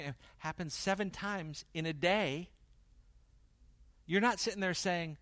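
Man preaching a lively sermon, dry sound. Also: sits high, moderate pace, no room sound. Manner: animated preaching, swings from loud emphasis to quiet intensity; acts out quoted dialogue in varied voices. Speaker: pastor.

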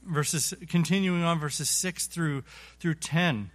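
A man with a high voice teaches an adult Bible class. He often stumbles and repeats words as he talks, and he chuckles while acting out everyday scenes to make his point. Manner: halting, repeats words, chuckles through illustrations. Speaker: Sunday school teacher.

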